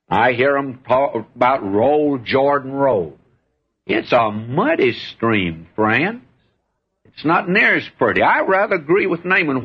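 An older male preacher gives a folksy, conversational Bible sermon. His voice is husky and a little breathy, and the recording is dull and lo-fi, like an old sermon tape. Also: medium pitch.

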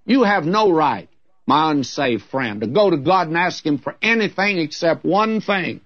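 A man's voice: a little high, animated, measured pace, a bit bright, no echo, muffled recording. A man preaching an expository sermon as a radio Bible teacher, earnest and folksy, with candid humorous asides.

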